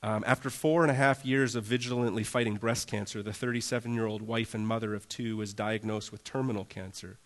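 A man's voice: lowish voice, fairly even intonation, fairly quick, hardly any pauses. Earnest casual male pastor preaching. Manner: earnest, casual, says "like" often, acts out prayers in a raised voice. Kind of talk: conversational sermon.

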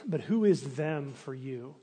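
A man's voice: mid-range voice, a little slow, slightly rough. A man preaching a sermon in a conversational way, asking the congregation searching questions and sometimes acting out complaints with animation. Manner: restarts and fillers, animated when acting out complaints. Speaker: pastor.

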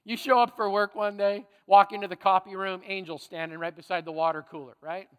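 High-voiced man preaching in a reverberant hall. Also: fairly even intonation, brisk, clean tone. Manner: conversational, frequent tag questions, playful asides. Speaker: pastor. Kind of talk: sermon.

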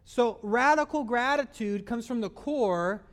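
A man with a notably high voice delivers a sermon in an earnest, preacherly way. He shifts between scripture reading and acted-out grumbles. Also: measured pace. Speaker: pastor.

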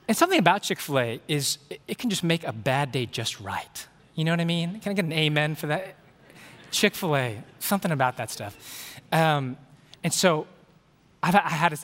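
A male pastor delivers a sermon to his congregation, telling stories and acting out the dialogue in them. His voice sits a little high, and he speaks in a big reverberant sanctuary with a long echo trailing each phrase. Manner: animated, acts out quoted dialogue. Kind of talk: sermon with storytelling. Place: church sanctuary. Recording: reverberant hall.

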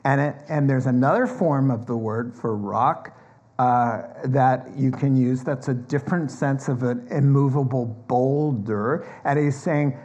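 A man's voice: a little slow, lo-fi sound. A man preaching a sermon as pastor, earnest and emphatic, explaining scripture step by step in a conversational teaching tone. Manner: earnest, emphatic preaching that climbs higher and louder on key points. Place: church.

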